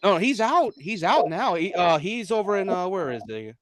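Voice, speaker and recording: High, lively man laughing off his excuses. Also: normal speed, a crowd in the background. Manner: sheepish, laughs often, tells stories. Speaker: podcast co-host. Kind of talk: casual chat.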